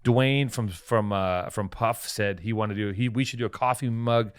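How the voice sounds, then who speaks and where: A man co-hosting a casual podcast, swearing freely, laughing often, and getting excited between ad reads. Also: lowish voice, moderate pace, smooth, no room sound. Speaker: podcast co-host. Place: hotel room.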